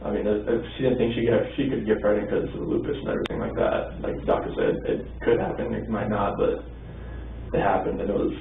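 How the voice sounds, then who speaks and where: A man's voice: on the low side, fairly even intonation, fast talker, slight background noise. Hesitant man in an echoey room. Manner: hesitant, full of fillers. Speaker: interviewee. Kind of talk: recorded interview. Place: interview room. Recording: tinny, echoey room recording from far off.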